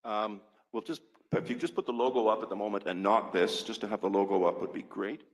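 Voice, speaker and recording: An older man with a low, gravelly voice testifies as a physician at a public hearing. He speaks earnestly and with emphasis, a little short of breath, and he hammers key points home by repeating them. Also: brisk, low-quality recording.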